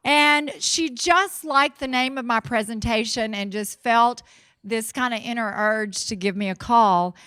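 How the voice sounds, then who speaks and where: Southern lady motivational speaker, high voice, peppy and folksy, hypes the crowd up, pretty dry sound. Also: smooth, no room sound. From Mississippi, US. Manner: energetic, folksy, cheering the crowd on. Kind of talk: keynote speech to a live audience.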